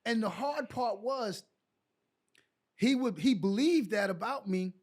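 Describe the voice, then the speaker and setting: A middle-aged man from New York, a podcast guest and former pro basketball player, telling colloquial stories with animated dialogue. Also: high-pitched, measured pace. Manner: colloquial, animated storyteller who acts out dialogue. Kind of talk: casual storytelling interview.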